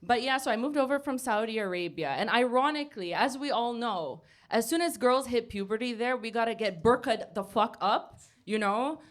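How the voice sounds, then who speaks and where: A woman's voice: fairly high pitch, moderate pace. A woman doing a stand-up comedy set, brash and sarcastic, swearing freely. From United States. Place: basement comedy club before a live audience.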